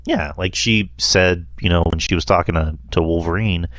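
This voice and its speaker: A man's voice: deep voice, normal speed, fairly bright tone, dry recording. A man hosting a casual movie review chat, rambling and laughing often. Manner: rambling, laughs often, quotes lines in a mocking voice. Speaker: podcast host.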